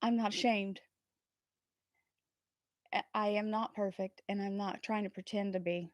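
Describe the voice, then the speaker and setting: A woman hosting a tarot livestream, talking earnestly and warmly about trust and spirit, often laughing between thoughts. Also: medium pitch, steady tone, unhurried, no echo, studio quality. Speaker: tarot reader and channel host. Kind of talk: casual livestream chat.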